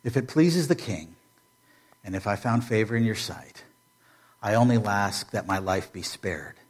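A preacher voicing a young queen in a storytelling sermon, speaking lower and quieter than his own voice. She pleads with soft, earnest gravity. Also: lively intonation, a little slow, slightly rough.

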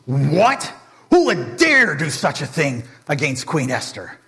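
A man voicing a furious ancient king who shouts in outrage. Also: fairly high pitch, wildly swooping pitch, slow, full character voice.

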